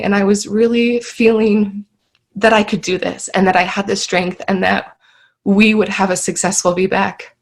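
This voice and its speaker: A woman in her thirties, a podcast guest telling her own story in an earnest, heartfelt way with many fillers. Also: medium pitch. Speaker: guest sharing birth story.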